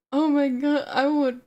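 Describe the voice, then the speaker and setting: A woman's voice: high voice, warm tone, highs cut off. A woman streamer casually reading a film script aloud, reading the stage directions and adding giggly asides. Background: faint music.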